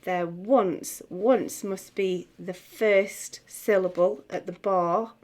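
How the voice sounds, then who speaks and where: Middle-aged woman, music theory teacher, slow patient delivery, casual and unscripted. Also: medium pitch, steady tone, darkish tone. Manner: unhurried, chatty teaching with many fillers and restarts. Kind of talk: explaining a lesson to camera.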